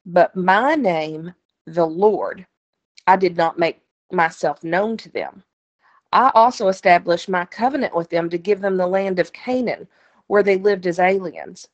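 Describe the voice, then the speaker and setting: Woman, Bible study teacher, lower-pitched voice; reads verses, then chats through them with the class. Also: a little slow, muffled recording. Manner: explains plainly, conversational asides to listeners. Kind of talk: Bible lesson with scripture reading.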